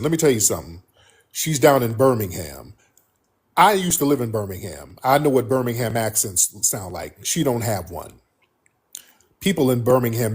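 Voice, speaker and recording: Man, call-in radio host, husky mid voice, preachy and fired up. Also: medium pitch, darkish tone. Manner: preachy, indignant, repeats warnings to listeners. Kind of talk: call-in talk show.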